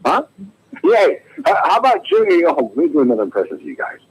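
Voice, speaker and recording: A man's voice: on the high side, huge pitch swings, fast talker, breathy edge, low-quality recording. A man chatting playfully on a radio talk show, eager to show off his impressions. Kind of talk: casual radio chat.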